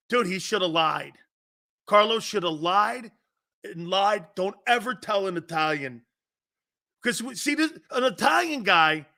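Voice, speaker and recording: A middle-aged man hosting a sports talk show, telling stories in a lively casual way and slipping into quick mob-movie impressions. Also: sits high, gravelly. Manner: animated storytelling, quick mob-movie impressions, laughs often. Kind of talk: casual chat.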